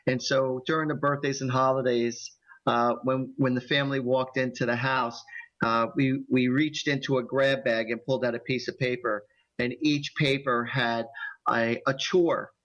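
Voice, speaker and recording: A man's voice: mid-range voice, steady tone, normal speed, a bit bright, muffled recording. A man with a New Jersey accent hosting a talk radio show, telling stories in a chatty way and laughing often. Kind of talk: casual radio chat.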